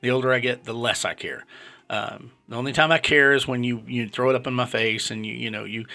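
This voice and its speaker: A man's voice: mid-range voice, a little fast, gravelly, sharp tone. A man in his fifties giving a blunt, opinionated casual monologue as a vlogger. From United States. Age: 50s.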